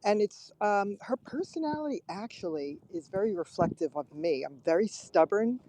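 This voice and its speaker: A woman's voice: medium pitch, lively intonation, moderate pace, warm tone, rough recording. A woman guest on a podcast, chatty and laughing, talking from inside a pet store. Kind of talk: casual podcast chat. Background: faint background noise.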